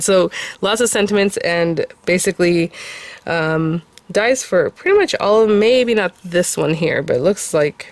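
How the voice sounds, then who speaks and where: A woman with a slightly low voice walks through craft supplies in a relaxed, chatty way. She fills her talk with little ums and soft laughs, and she is just getting over a summer cold. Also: normal speed, dry recording. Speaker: craft video host. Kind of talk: casual product review.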